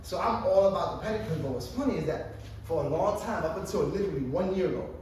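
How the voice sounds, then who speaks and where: Animated man doing stand-up in an echoey room. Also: high-pitched, fast. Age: 30s. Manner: rambling, filler-heavy, swearing, animated storytelling. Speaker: stand-up comedian. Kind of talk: stand-up comedy routine. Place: open mic in a coffee shop studio. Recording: echoey distant room recording with ambient noise.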